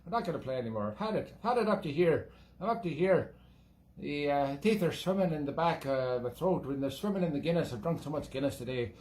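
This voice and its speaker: A man's voice: fairly high pitch, lively intonation, fast, a little mellow, a little hiss or hum, close to an everyday voice. A Scottish man voicing a boozy, cheeky male leprechaun who hosts a music show, in an exaggerated put-on Irish lilt, rambling into nonsense. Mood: jolly. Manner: rambling, jokey, drifting into nonsense. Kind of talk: comic character monologue.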